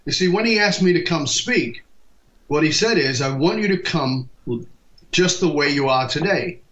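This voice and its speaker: A man in his fifties from England, a leadership speaker telling stories in an interview and acting out quoted dialogue. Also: on the high side. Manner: lively, acts out quoted dialogue, quick asides. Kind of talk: storytelling interview talk. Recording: dull lo-fi podcast recording.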